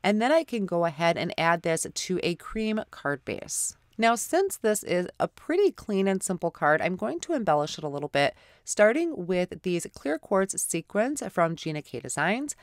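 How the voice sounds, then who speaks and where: A woman's voice: fairly low pitch, big pitch swings, normal speed, hardly any pauses, no room sound, studio quality. A woman hosting a card-making tutorial, narrating each step with a stuffy nose from a head cold. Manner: apologetic, step-by-step explaining. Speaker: card-making channel host. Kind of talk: crafting tutorial voice-over.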